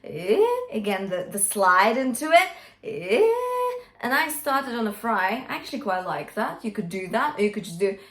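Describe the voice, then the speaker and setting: A woman's voice: mid-range voice, expressive, brisk, few pauses, a bit bright. A woman vocal coach teaching a singing lesson, talking through technique and singing short demonstrations, checking in with "yeah?" and "okay?" as she goes. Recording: echoey room.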